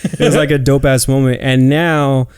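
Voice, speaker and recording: A man's voice: medium pitch, flat delivery, normal speed, clean tone, no echo. A man in his late twenties, co-hosting a podcast, telling family stories loosely and swearing freely. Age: 20s. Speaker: podcast co-host. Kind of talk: casual chat.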